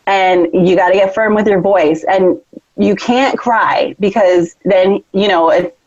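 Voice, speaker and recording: A woman in her thirties co-hosting a casual podcast chat, telling a family story with lively acted-out quotes. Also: takes it slowly, no echo, highs cut off. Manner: animated storytelling, acts out quotes with big pitch jumps. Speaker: podcast co-host.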